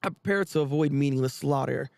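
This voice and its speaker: A man reading as a calm, polite woman devil. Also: mid-range voice, fast, gravelly, dry recording, clean studio sound, voice pushed down, lightly acted.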